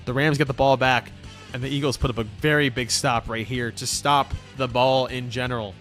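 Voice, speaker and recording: A young man hosting a casual sports talk show, recapping plays with excitable, swinging energy between loud calls and mumbled asides. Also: medium pitch, moderate pace, faint music behind. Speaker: host.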